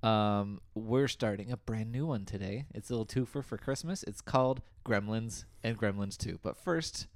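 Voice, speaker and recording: A man's voice: on the low side, normal speed, hardly any pauses, dry recording, studio quality. A young man co-hosting a casual podcast, teasing his co-host and laughing often.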